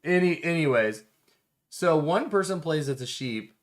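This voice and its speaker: A man co-hosting a casual board game stream, excitable and rambling, laughing often. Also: on the high side, measured pace. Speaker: podcast co-host. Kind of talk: casual chat about board games.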